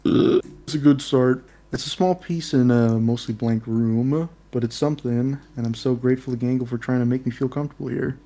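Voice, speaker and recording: A man's voice: medium pitch, fairly even intonation, fairly quick, few pauses, mellow. A man reading a story game aloud, plain first-person narration with offhand asides.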